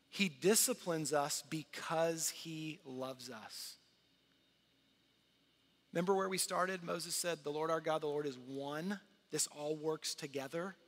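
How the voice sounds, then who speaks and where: High-voiced man preaching in a reverberant hall. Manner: earnest, conversational preaching with repeated restarts. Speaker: pastor. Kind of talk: sermon. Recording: long reverb of a large hall.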